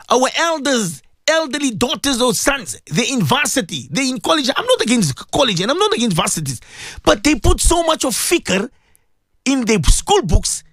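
Male radio preacher, high and animated, dry close studio sound, pleading and insistent. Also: no room sound. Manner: impassioned, pleading, repetitive. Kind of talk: radio sermon.

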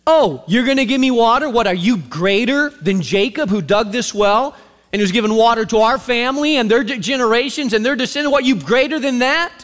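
A man voicing a sarcastic Samaritan woman with an attitude, firing off quick, incredulous retorts. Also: extremely high pitch, animated, fairly bright tone, long reverb tail, pitched above the performer's own voice.

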